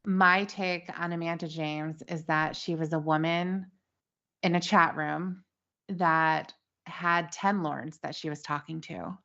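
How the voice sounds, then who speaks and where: A woman's voice: low-pitched, steady tone, takes it slowly, fairly bright tone. A woman co-hosting a casual podcast, thoughtfully speculating with many fillers. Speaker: podcast co-host. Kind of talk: casual chat. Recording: dull lo-fi sound.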